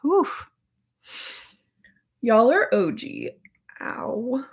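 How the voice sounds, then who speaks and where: A young woman hosting a casual live chat, worn out after a seizure, speaking softly in half-whispers and laughing often. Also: on the high side, animated, drawn-out words, slightly rough, dull audio.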